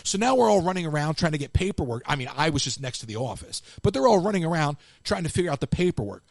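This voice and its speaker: Male call-in host, fairly high voice, lively swings in pitch, dry close sound. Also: fast, few pauses, no room sound. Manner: animated anecdotes, acts out other people's lines. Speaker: radio show host. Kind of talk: casual storytelling to live callers.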